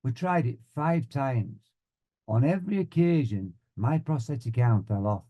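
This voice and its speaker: A man from Yorkshire with a Yorkshire accent, giving a humorous motivational talk with deadpan, self-mocking timing. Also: medium pitch, a little slow, dull audio. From Yorkshire, England. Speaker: motivational speaker.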